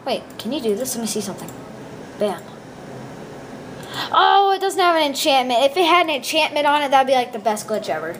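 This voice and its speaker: A high-pitched woman chatting her way through a block-building game, rambling and goofy with lots of ums. A faint hum of noise sits under her voice. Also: sing-song, a little fast, long pauses. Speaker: gameplay video maker. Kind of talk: casual gameplay commentary.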